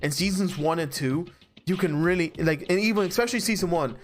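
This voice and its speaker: A man in casual chat over a voice call, rambling and excitable, swearing and laughing often. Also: a little high, a little fast, soft background music. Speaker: let's play co-host. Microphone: voice chat mic.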